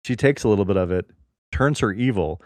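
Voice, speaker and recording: A man's voice: lowish voice, lively intonation, a little fast, a little mellow, dry recording. Man, comedy podcast co-host, playful, dry humor, riffing, dry close recording. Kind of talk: casual comedy chat.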